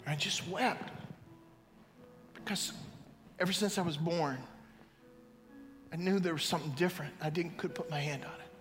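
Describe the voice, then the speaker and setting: A pastor in his fifties preaching a storytelling testimony, swinging from loud to hushed. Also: fairly high pitch, fairly even intonation, brisk, long pauses, soft background music. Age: 50s. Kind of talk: sermon. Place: large church hall. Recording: reverberant hall, faint ambience.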